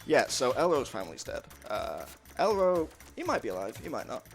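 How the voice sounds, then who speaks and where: A man's voice: medium pitch, wildly swooping pitch, brisk, creaky, faint music behind. A man commentating his own speedrun in a casual, jokey way, laughing often. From United Kingdom. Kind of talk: casual live commentary on a game run.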